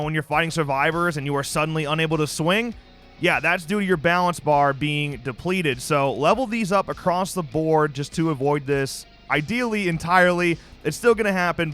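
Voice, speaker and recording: A man with a fairly high voice talks through game strategy like he's chatting with friends. He's casual and jokey, and he tosses in plenty of "you know"s. Faint music plays behind him. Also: fairly bright tone. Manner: casual, joking, conversational with lots of "you know". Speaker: gaming channel host. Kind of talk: gameplay tips voice-over.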